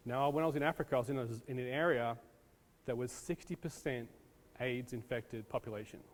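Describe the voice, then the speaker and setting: A man's voice: mid-range voice, a little fast. A man giving a casual lecture on disaster preparedness to an audience, with many ums, from the United States. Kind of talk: classroom lecture. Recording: long reverb in a hall.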